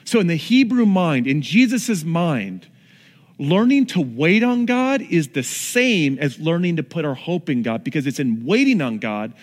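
A man's voice: fairly high pitch, sing-song, measured pace. A male pastor preaching a conversational sermon with acted-out asides in a church. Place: church sanctuary. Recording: long reverb in a large hall.

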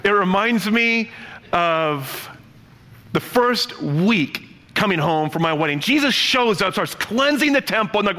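Animated male pastor in a reverberant hall. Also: high voice, unhurried. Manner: animated, playful, acts out quotes. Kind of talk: sermon.

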